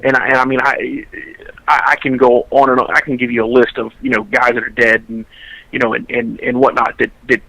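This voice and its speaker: Man, bright forceful voice, dry close sound, rambling storyteller, casual podcast chat. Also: medium pitch, level tone, fairly quick, gravelly, no echo, rough recording. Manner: rambling, restarts sentences often. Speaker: podcast co-host.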